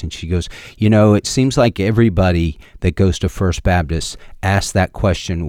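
A man's voice: deep voice, normal speed, a little mellow, dry recording, studio quality. A middle-aged man preaching a sermon as a pastor, telling homespun stories with emphatic repeated lines.

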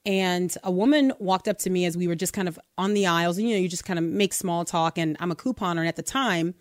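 A woman co-hosting a talk radio show, telling a story in an animated, emphatic way. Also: fairly low pitch, fast talker, dry recording, clean studio sound. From United States. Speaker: radio co-host.

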